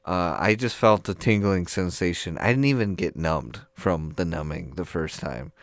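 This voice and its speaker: A man's voice: low voice, normal speed, no echo, studio quality. A man on a podcast telling a long, rambling story full of laughs while his jaw is sore from recent tooth surgery. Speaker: podcast co-host. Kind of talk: casual chat.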